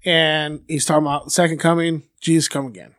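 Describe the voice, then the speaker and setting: High-voiced man telling a crude story. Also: level tone, a little fast, fairly bright tone, dry recording, clean studio sound. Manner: loose, crude, full of fillers, acts out quoted people. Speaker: podcast co-host telling a true-crime story. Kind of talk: casual profane storytelling.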